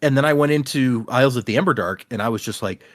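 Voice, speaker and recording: A man's voice: mid-range voice, fast, no room sound, clean studio sound. A man hosting a casual podcast, reading listener emails aloud and laughing easily. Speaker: podcast host.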